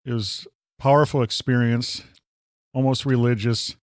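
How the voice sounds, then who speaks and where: A man chatting on a podcast, hamming up a burger tasting with playful exaggeration. He has a middle-pitched voice, and the sound is dry and close with no reverb. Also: fairly even intonation, a little slow. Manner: playful, hyperbolic, jumps in to interject. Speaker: podcast co-host. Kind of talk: casual food review chat.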